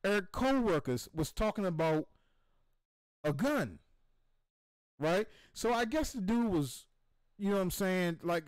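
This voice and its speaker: A man hosting a gaming stream who tells a rambling, profane story with excitement and acts out the voices in it. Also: fairly high pitch, dry recording. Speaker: show host.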